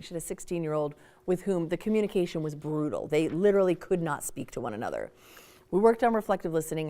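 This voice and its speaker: A woman speaker giving a public talk on parenting, animated and emphatic, acting out quotes as she goes. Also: mid-range voice.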